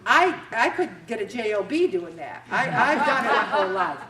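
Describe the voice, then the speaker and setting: A woman hosting a faith talk show, giving a motivational talk in an animated, self-mocking way and acting out little scenes. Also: on the high side, slight background noise. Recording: roomy echo, distant mic.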